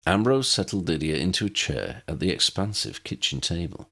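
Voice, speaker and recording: A man reading a fan-written novel aloud as an audiobook narrator, with a steady storytelling delivery. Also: deep voice, normal speed, creaky. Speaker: fanfiction audiobook reader.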